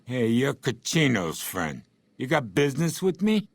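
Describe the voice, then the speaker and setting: An actor playing a gruff mob boss who runs a hotel, with a gravelly voice and a curt, dismissive manner. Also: male voice, medium pitch, big pitch swings, unhurried, exaggerated voice. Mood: brusque.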